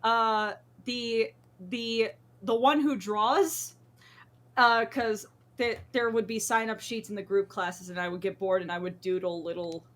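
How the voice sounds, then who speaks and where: Brief: woman podcast host, a bit high-pitched, chatty smart-aleck telling gym stories. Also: measured pace. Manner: jokey, self-deprecating, animated storyteller. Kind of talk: casual chat.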